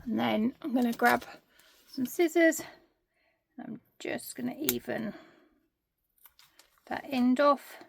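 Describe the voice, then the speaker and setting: A woman's voice: a little high, slow, creaky, long pauses, background noise. A woman giving a casual sewing tutorial, chatty and self-deprecating, thinking aloud with plenty of ums and restarts.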